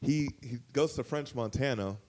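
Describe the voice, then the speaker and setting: A young man telling a story on a comedy podcast, casual and profane, lively, with loud outbursts when he quotes people. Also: medium pitch, normal speed. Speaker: guest storyteller.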